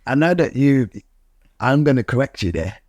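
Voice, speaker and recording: A man's voice: medium pitch, big pitch swings, normal speed, darkish tone, dry recording, clean studio sound. A man, hosting a casual chat with his wife and speaking earnestly and reflectively. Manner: earnest, reflective, often restarts. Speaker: host, husband.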